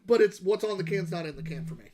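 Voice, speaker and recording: A man's voice: high-pitched, expressive, fast talker, darkish tone. A man co-hosting a beer-review podcast, blunt and swearing freely in casual chat. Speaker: podcast co-host.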